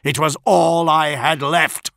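A man's voice: medium pitch, big pitch swings, slow, vocal fry, sharp tone, no echo, clean studio sound, heavily acted. A man voicing a weary, honorable male warrior captain who speaks in strained, anguished tones, in an audiobook. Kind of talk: audiobook character voice.

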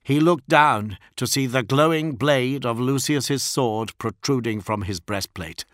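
A man giving dramatic scripted narration of an audiobook in a measured, grave way. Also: mid-range voice, a bit bright, no echo, clean studio sound.

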